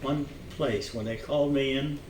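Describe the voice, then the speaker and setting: An older man telling his memories in an oral history interview, halting with many fillers and restarts, chuckling now and then. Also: medium pitch, darkish tone. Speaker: veteran interviewee. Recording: echoey room, distant mic, faint noise.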